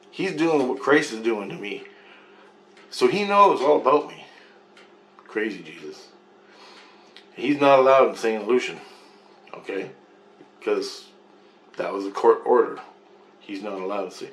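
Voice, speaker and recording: A man's voice: on the low side, lively intonation, unhurried, pauses often, a bit bright, poor audio. A man telling a rambling first-person story with profanity and restarts. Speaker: vlogger.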